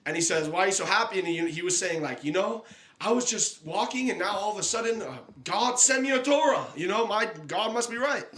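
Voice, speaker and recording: A man's voice: high-pitched, fairly quick, a bit bright. A young man co-hosting a radio chat, telling a long joke in a rambling, giggly way. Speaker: co-host.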